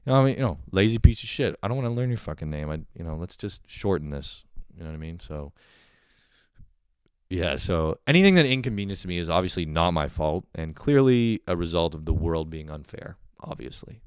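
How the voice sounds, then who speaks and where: A young man hosts a podcast with a casual comedic monologue, ranting profanely, mocking himself and putting on mock-outraged voices. His low, a little mellow and smooth voice has lively intonation and a slightly fast pace. The studio-quality recording has no room sound.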